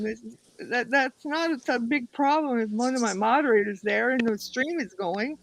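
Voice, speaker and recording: A woman's voice: fairly high pitch, normal speed, poor audio. A woman hosting a casual livestream chat, telling a story with lots of cursing and acting out what others said. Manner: profane storytelling, acts out quotes. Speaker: host.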